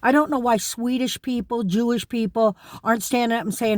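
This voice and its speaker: A woman's voice: on the high side, fairly even intonation, brisk, hardly any pauses, darkish tone, dry recording, clean studio sound. A woman ranting to camera in an indignant, emphatic way, repeating words for stress. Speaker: vlogger. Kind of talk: direct-to-camera rant.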